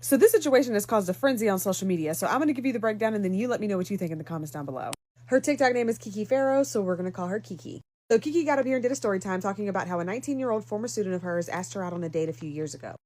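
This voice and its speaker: A woman recapping a social media story as a commentator, in a brisk breakdown style. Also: mid-range voice, expressive, darkish tone.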